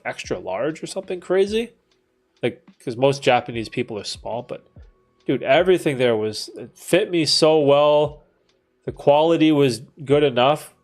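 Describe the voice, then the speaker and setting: A young man from Canada hosting a casual livestream, reading chat and joking, laid-back with loud bursts of laughter and swearing. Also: medium pitch. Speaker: livestream host answering chat.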